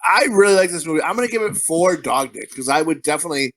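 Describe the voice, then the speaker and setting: A man's voice: a little high, lively intonation, fast, fairly bright tone. A man co-hosting a podcast, chatting casually in a rambling, profane way and laughing often. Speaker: podcast co-host.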